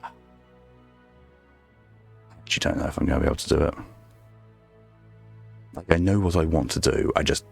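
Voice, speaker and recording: A man streaming his art, talking softly in an ASMR-style murmur right on a close microphone, rambling to himself as he draws. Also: a bass voice, quick pace, creaky, long pauses, breathy edge. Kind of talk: soft ASMR-style stream chat while drawing. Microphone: very close desk microphone. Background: faint background music.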